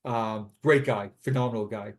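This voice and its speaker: Earnest middle-aged man, halting retelling. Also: lowish voice, steady tone. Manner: earnest, halting, with frequent repetitions. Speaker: podcast guest, retired police sergeant. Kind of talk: personal storytelling in an interview. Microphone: remote call.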